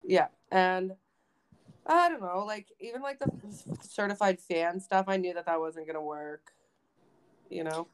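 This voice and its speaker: Smooth low-voiced woman with a cold. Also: measured pace. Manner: blunt, swears freely, playful mock ranting. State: has a cold, coughing. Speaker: podcast co-host. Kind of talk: casual chat.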